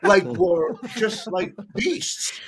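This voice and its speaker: A man's voice: sits high, extremely slow, crowd noise. A man, a guest telling firehouse stories in a profane, emphatic way. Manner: profane, animated, emphatic storytelling. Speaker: podcast guest, retired firefighter. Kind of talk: casual storytelling.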